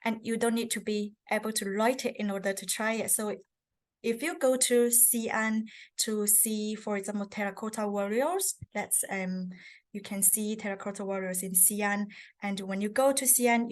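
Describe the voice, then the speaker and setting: A woman's voice: mid-range voice, steady tone, normal speed. A woman, teaching a beginners' lesson on characters and tones, patiently explaining step by step. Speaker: language teacher. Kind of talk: presenting a Chinese lesson.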